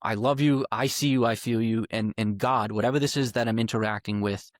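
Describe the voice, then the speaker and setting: A man's voice: fairly low pitch, fairly even intonation, a little fast, no room sound, studio quality. A man telling a personal story as a podcast guest, earnest and emphatic, piling up repeated phrases and swearing now and then.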